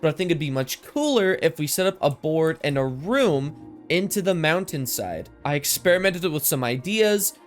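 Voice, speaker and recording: A man's voice: fairly high pitch, big pitch swings, moderate pace, faint music behind. A man giving casual, rambling game commentary, easily amused, his esses sounding a bit lisped through his microphone filters. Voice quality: lisp-like sibilance from mic filters. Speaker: gaming commentator. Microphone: desk mic with processing filters.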